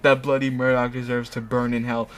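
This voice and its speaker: A man's voice: mid-range voice, flat delivery, a little fast, fairly bright tone, a little hiss or hum. A man hosting, reading fanfiction aloud with mocking asides, laughing often and tripping over his words. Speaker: host.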